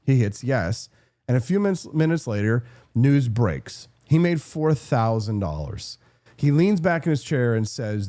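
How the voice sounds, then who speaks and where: A man's voice: mid-range voice, moderate pace. A man in his forties hosting a political talk show, joking and acting out quotes in his monologue. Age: 40s. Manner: animated, jokey, acts out quotes. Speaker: host.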